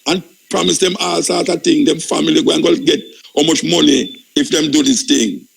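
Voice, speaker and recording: A man's voice: fairly high pitch, steady tone, normal speed, gravelly, slightly rough, rough recording. A man with a Jamaican accent hosting a radio talk show, arguing insistently, interrupting and repeating himself. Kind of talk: heated radio debate. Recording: radio broadcast.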